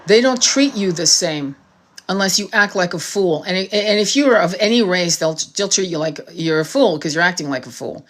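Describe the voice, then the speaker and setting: A woman's voice: fairly low pitch, a bit bright. Woman, tarot reader, impassioned monologue, blunt, heated, swears freely.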